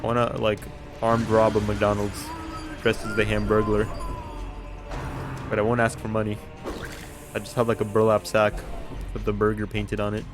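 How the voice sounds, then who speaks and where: A man's voice: lowish voice, completely flat delivery, normal speed, long pauses, over music. Jokey man streaming a game. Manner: joking and rambling, laughing often. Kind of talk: casual gameplay commentary.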